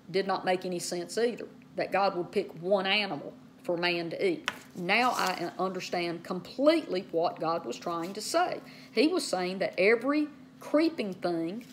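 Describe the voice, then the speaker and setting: A woman teaching Bible study in a casual way, often saying "okay", spelling out words and slowing down to stress key terms. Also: mid-range voice, slight background noise.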